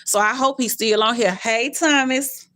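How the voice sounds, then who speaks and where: A young adult woman live-streaming to her viewers, telling stories animatedly, cussing bluntly and jumping in pitch. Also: normal speed, sharp tone, a little hiss or hum.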